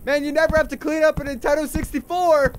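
A young man with a high, light voice narrates his horror game playthrough with sarcastic, jittery play-by-play. A clear noise hiss sits under his home recording. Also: level tone, quick pace. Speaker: gaming channel host. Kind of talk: let's play commentary.

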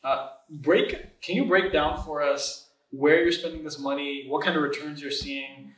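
A man's voice: fairly high pitch, moderate pace, fairly bright tone. A man hosting a podcast who thanks his guest and sets up his next questions in a polite, structured way. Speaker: podcast host. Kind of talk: interview questions. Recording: roomy sound from a distant mic.

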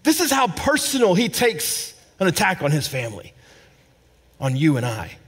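A male pastor delivering a sermon with a high, lively voice that climbs and plunges. He moves between ringing emphasis and quiet, low asides. Now and then he repeats a word as he feels for the next phrase. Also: moderate pace, husky. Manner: dramatic preaching, swinging between loud emphasis and hushed, low asides; repeats words when searching for phrasing. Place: church service with a responding congregation.

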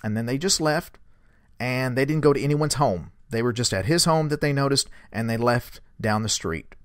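A man tells a story in a loose, rambling way, with fillers throughout. His voice sits at a middle pitch. The recording is dry and close, with almost no room sound. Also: normal speed, no echo. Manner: relaxed and rambling, with fillers, shifting into animated quoted speech. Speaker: host recounting a source's story. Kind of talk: conversational storytelling.

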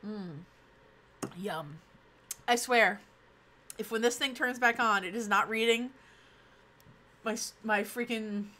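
A young woman streaming live, chatting casually with her viewers and breaking into excited exclamations. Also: a little high, slow pace, pauses often. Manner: bubbly, chatty, exclaims often. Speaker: Twitch streamer.

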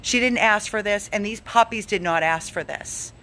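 Speaking at normal speed, a woman with a medium-pitched, slightly bright voice leads an animal rescue. She makes a drained, urgent plea for donations, begging and repeating herself over and over.

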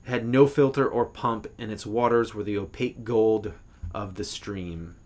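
A man, an English professor, reading a literary short story aloud in a measured, expressive way, now and then correcting himself. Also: on the low side.

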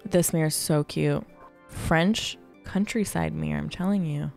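A woman's voice: low voice, a little slow, vocal fry, a little mellow, faint music behind. A young woman chatting casually while building in a game, thinking aloud with playful asides. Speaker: Sims building creator. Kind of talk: casual gameplay commentary.

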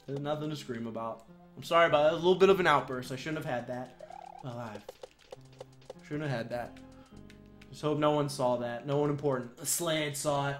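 A woman streaming a speedrun, talking in a joking, excitable way that swings to shouting, in an echoey room. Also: sits low, brisk, pauses often, faint music behind. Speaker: video game streamer. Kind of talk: live-stream commentary while speedrunning.

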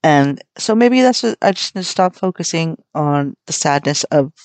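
A woman's voice: low voice, animated, moderate pace, darkish tone, dry recording. Frank, rambling woman podcaster, dry sound. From United States. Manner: rambling, frank, swears freely. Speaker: podcast host. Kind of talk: casual solo podcast chat.

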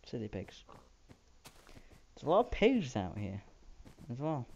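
A man's voice: medium pitch, wildly swooping pitch, unhurried, vocal fry, a little mellow. A man rambling through casual, self-mocking gameplay commentary. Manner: rambling, self-mocking, playful sound effects. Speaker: Minecraft let's player. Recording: dull lo-fi home mic with faint hiss.

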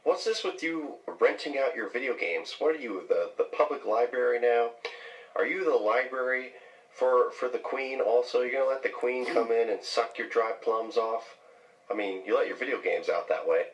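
A man's voice: mid-range voice, normal speed, highs cut off. An American man leaving crude, mocking voicemails to tease a friend. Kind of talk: teasing voicemail banter. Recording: voicemail recording from a distance.

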